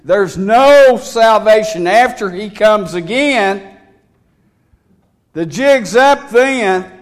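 A man's voice: sits high, animated, very slow. A man preaching a folksy, emphatic sermon, reading scripture aloud between his points.

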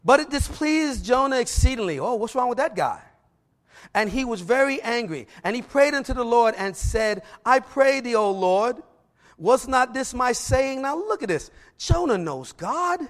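A middle-aged man delivers a sermon in a noticeably high voice. He draws out the verses he reads, then moves into quick, lively personal stories with plenty of bursts of emphasis. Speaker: preacher.

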